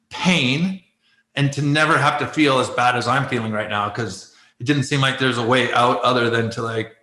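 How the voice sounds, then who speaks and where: A man's voice: medium pitch, echoey room, poor audio. A man in his forties, a former athlete turned life coach, telling candid personal stories in conversation, laughing often and acting out what people said. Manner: animated, laughs often, acts out quoted exchanges.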